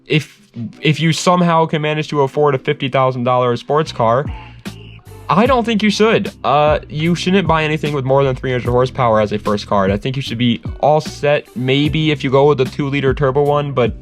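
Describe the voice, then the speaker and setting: A man's voice: mid-range voice, fairly quick, soft background music. A young man hosting his own car channel, giving a casual, rambling review and often correcting himself mid-sentence. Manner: rambling, laid-back, self-correcting, laughs often.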